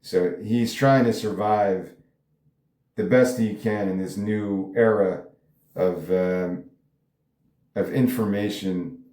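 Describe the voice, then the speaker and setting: Casual male writer reading his script; low, mellow voice, echoey room. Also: fairly even intonation, takes it slowly, long pauses. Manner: rambling, casual, swears. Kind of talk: table read with commentary. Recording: roomy echo.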